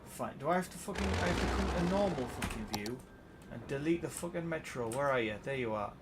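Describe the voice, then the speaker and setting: A man's voice: on the high side, animated, fast talker, heavy background noise. Swearing Geordie man streaming a game. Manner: swears constantly, exasperated. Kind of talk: live gameplay commentary.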